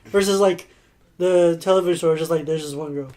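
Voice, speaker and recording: A man co-hosts a casual podcast chat, his voice sitting high and his words tumbling out quickly. He tells stories in a rambling way, padding them with plenty of filler "like". It sounds loose and conversational. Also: fairly even intonation, mellow. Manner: rambling storyteller, heavy on filler "like". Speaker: podcast co-host.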